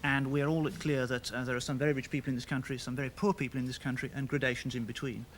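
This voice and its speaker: A man on a panel, explaining the point in a measured, lecturing way. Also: mid-range voice, level tone, a little hiss or hum.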